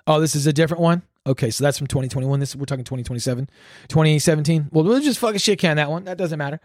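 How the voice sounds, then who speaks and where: A man's voice: a little high, very fast, a little mellow, no echo, studio quality. Profane rambling male podcast ranter. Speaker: podcast host. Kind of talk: solo ranting commentary.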